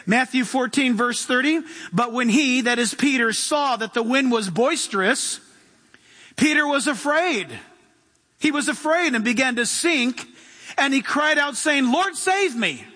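A man's voice: extremely high pitch, a little slow, sharp tone. A man preaching an impassioned sermon in a church, reading scripture and asking the congregation questions. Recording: long hall reverb.

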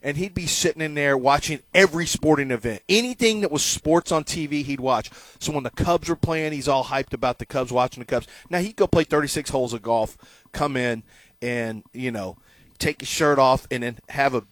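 A middle-aged man hosting a sports talk show, telling stories casually and growing loud when he quotes himself. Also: medium pitch, no echo. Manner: animated storyteller, loud when quoting himself. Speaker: radio sports show host.

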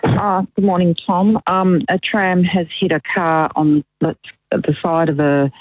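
Phone-in caller, plain brief answers, mid pitch, phone-line sound. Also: flat delivery, measured pace, slight background noise. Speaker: radio caller. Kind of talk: phone-in report.

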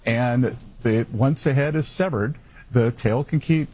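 Husky man rambling in an archive clip. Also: medium pitch, a little slow, a little mellow, poor audio. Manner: meandering, repeats himself. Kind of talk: recorded speech clip.

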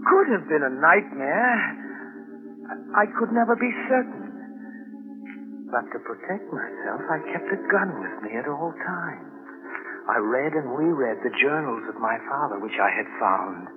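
An actor playing a frightened young man who narrates in a tense, breathless voice, on an old radio broadcast. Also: fairly high pitch. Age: young adult. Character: frightened young man haunted by his father's murder. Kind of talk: 1940s radio acting. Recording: tinny old radio broadcast with loud music.

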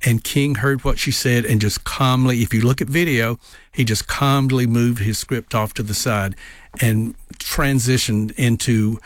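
A man's voice: mid-range voice, fairly even intonation, measured pace, no room sound. A man, a guest and author on a radio interview, tells history anecdotes with frequent uh's and um's. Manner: anecdotal storyteller with frequent fillers. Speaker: guest, tourism director and author.

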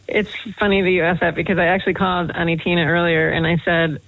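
A woman's voice: on the low side, level tone, fast, gravelly, fairly bright tone, no room sound, low-quality recording. A middle-aged American woman from Boston, a management professor, chatting as a radio guest with many fillers and restarts. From Boston, United States. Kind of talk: casual radio interview chat.

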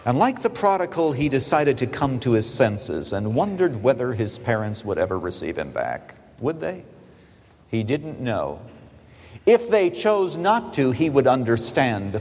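A man delivering a sermon in a church, his voice rising loud on key phrases and sinking soft. His pitch moves a great deal, and a long reverb trails each phrase through the hall. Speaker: preacher.

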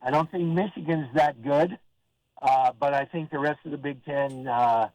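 An older man from Oregon calling into a sports talk show, rambling in a halting, friendly way with lots of fillers and restarts. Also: fairly high pitch, darkish tone, dry recording, low-quality recording. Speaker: caller. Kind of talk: casual call-in chat.

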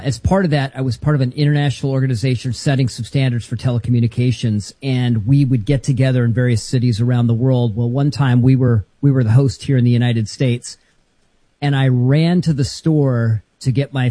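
A middle-aged man co-hosting a podcast, telling stories in a relaxed, casual way. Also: medium pitch, dry recording. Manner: relaxed storyteller. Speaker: podcast co-host. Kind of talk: casual chat.

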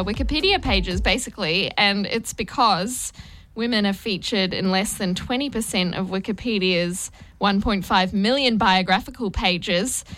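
A woman co-host on radio explains an item at an unhurried, slow pace. Her tone is patient and casual. Soft music plays faintly behind her. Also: medium pitch.

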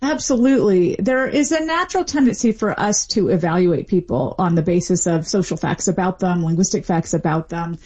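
A woman's voice: fairly low pitch, fairly quick, few pauses, mellow, husky. A middle-aged woman linguistics professor speaking as an expert guest, explaining fluently with light laughs and small restarts. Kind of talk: expert radio interview.

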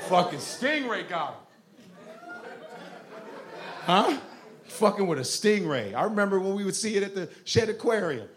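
A man from Chicago doing profane, animated stand-up comedy, telling stories. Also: high-pitched, normal speed, pauses often, crowd noise, noisy background.

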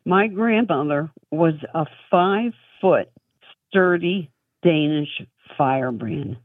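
A woman's voice: low voice, slow pace, no room sound, far from the mic. Woman caller telling a story over a phone line. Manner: chatty storyteller, laughs often.

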